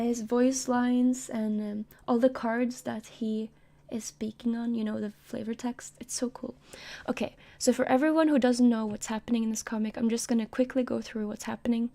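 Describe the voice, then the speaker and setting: A woman streamer talking in a soft, rambling way, breaking into giggly asides while she explains a story to her chat. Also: a little high, vocal fry. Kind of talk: casual live-stream commentary. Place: own room.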